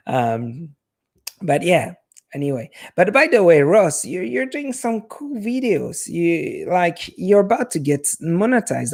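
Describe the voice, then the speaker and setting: A man's voice: on the high side, darkish tone. A man with a French accent, chatting casually with viewers on a live stream in a rambling way. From half Italian. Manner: rambling, chatty, restarts often.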